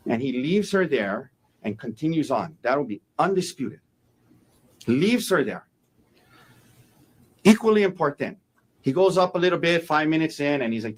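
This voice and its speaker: A man's voice: on the high side, big pitch swings, normal speed, long pauses, husky. A man, a defense attorney, giving a courtroom opening statement, emphatic and repeating key phrases for effect.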